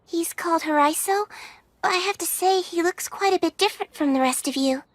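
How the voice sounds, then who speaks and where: A woman's voice: extremely high pitch, a little fast, no echo. An actress playing a polite, earnest young witch in an anime dub, a little anxious. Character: polite young witch lost far from home.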